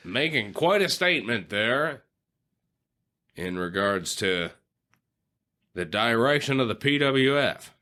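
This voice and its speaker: A man's voice: medium pitch, expressive, slow pace, long pauses, pushed and bright. A man playing a wrestling play-by-play commentator with an emphatic announcer delivery.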